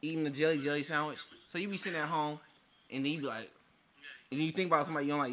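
A man hosting a casual chat, joking and animated with lots of slang and laughter. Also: fairly high pitch, rapid-fire, background noise. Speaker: podcast host.

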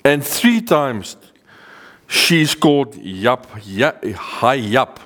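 A man delivers a Bible teaching to people seated in front of him. He speaks earnestly at a middle pitch and leans hard on the words he wants to land, slowing them down for emphasis. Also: animated, a bit bright. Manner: earnest, emphatic, slows down to stress key words. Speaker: preacher. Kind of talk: sermon teaching to a live group. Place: meeting room with a seated audience.

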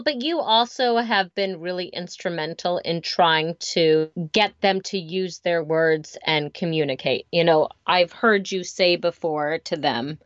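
A woman co-host chats in a supportive, affirming way, her voice low for a woman and smooth. The recording is dry and a little dull, with the top end trimmed. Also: no room sound. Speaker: podcast co-host. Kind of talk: casual chat.

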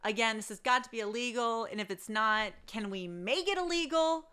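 A woman telling a story in a casual rant, blunt and profane, swinging between loud outbursts and low asides. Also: animated, moderate pace, smooth.

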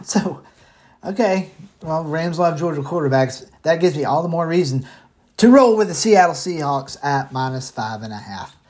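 A man's voice: fairly high pitch, a little mellow. A man hosting a casual football picks show from home, rambling and swearing casually, short of breath as he talks. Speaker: sports picks host. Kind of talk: casual sports betting talk.

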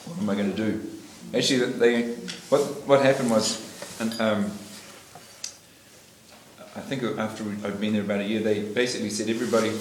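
Brisk and steady, with a fairly low pitch, a middle-aged New Zealander tells his life story during a meal as a personal testimony. He rambles with laughter, fillers, and restarts; the echoey dining room carries loud clatter of dishes, and there's some slight background noise.

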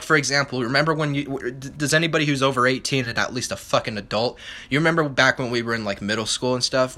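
Bright-voiced young man ranting angrily. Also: mid-range voice. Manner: angry, profane, ranting. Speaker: podcast host. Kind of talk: solo podcast rant.

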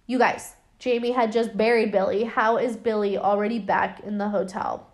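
A woman's voice: mid-range voice, fairly even intonation, normal speed. A young woman hosting a podcast, casually recapping a horror film with lots of fillers and the odd swear. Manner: chatty, lots of fillers, swears, acts out quotes. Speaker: podcast host.

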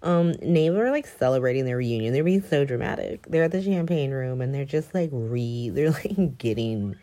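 A woman recapping soap opera episodes in a gossipy, animated chat, acting out the characters' lines. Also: a bass voice, normal speed. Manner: gossipy, animated, quotes characters in mock voices, laughs often.

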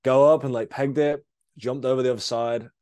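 The speaker is a young male guest, a BMX rider, spinning out a long injury story full of fillers and swearing in relaxed conversation. His medium-pitched voice is fairly quick, a little mellow and clean, with fairly even intonation, captured dry with clean studio sound.

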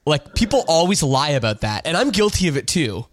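A man from North America hosts a casual podcast interview, his voice sitting a little high. He rambles along with lots of fillers and false starts. The sound is dry, with no room echo. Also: big pitch swings, a little fast. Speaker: podcast host. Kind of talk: casual interview chat over a call.

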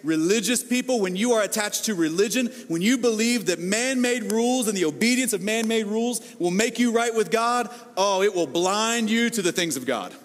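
A high-voiced man preaching from a church stage, his words trailing off into the long reverb of a big hall. He talks to the congregation in a lively, conversational way and acts out the voices of the people in his stories. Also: normal speed, hardly any pauses. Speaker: pastor. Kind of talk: sermon.

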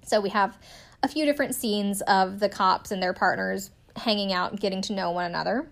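A woman's voice: medium pitch, fairly quick, gravelly. A woman giving a casual spoken recap of a TV show, chatty and indignant, swearing freely between fillers. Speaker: recap commentator.

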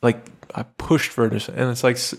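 Man, podcast co-host, earnest and supportive, casual swearing, middle pitch. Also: flat delivery, moderate pace.

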